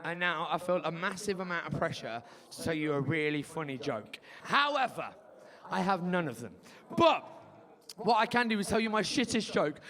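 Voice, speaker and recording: A man's voice: high voice, big pitch swings, normal speed, pushed and bright. A man compering a student stand-up comedy night, trading crude banter with the crowd. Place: student bar venue.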